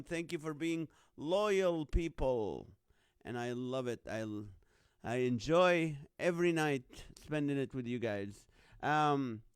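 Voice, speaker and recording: A middle-aged man hosts a live online show, chatting loosely and greeting viewers one by one. His voice sits a touch high and sounds smooth and resonant. The sound is dry and close. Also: dry recording. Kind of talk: casual live-stream chat.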